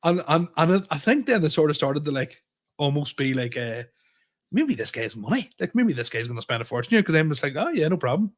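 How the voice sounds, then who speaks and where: Animated man telling stories. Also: fairly high pitch, brisk. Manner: animated storyteller acting out both sides of dialogue, swearing. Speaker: podcast co-host, comedian. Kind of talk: casual chat.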